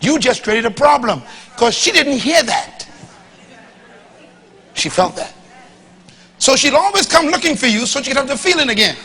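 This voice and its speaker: Guy preaching a sermon, high bright voice, gets loud then drops way quiet, acts out little dialogues, faint hiss behind. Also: normal speed, long pauses, breathy edge. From Bahamas. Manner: animated preaching, swings from loud to hushed. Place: church hall before a live congregation.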